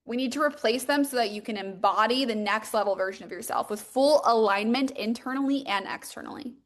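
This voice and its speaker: A young woman coaching her listeners in a loose, emphatic podcast monologue. She leans on fillers and swears freely for emphasis, and her voice sits a little high. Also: a little fast. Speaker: podcast host, mindset coach. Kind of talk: motivational monologue.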